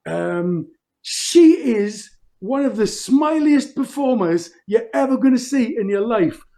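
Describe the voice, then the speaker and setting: A man's voice: extremely high pitch, lively intonation, takes it slowly, warm tone. A man, a folk singer, chatting jokily between songs on a video call concert, hesitant with ums and self-deprecating.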